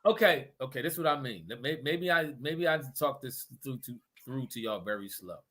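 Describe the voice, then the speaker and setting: A man's voice: medium pitch, animated, moderate pace, a bit bright. A man co-hosting a podcast, arguing basketball hotly and point by point. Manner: emphatic, argues point by point, laughs often. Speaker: podcast co-host. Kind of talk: heated sports debate.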